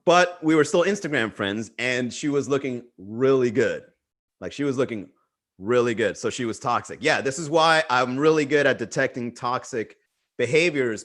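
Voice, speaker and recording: A man's voice: medium pitch, animated, moderate pace, bright, forceful tone. A man doing stand-up storytelling on a virtual livestream, rambling and profane, with frequent restarts and chuckles. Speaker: stand-up comedian.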